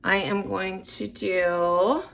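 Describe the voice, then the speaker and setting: A woman filming her first makeup tutorial, chatting casually and unsure of herself, dropping into soft murmurs while she concentrates on the brush work. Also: medium pitch, little pitch movement, extremely slow, vocal fry. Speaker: beginner makeup vlogger.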